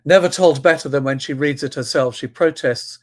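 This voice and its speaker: A man giving a talk at a livestreamed event, reading and introducing poems, stressing lines strongly and letting phrase ends fall soft. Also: fairly high pitch, normal speed. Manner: expressive reader, swings between loud stresses and soft trailing ends. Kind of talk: spoken talk with poetry readings.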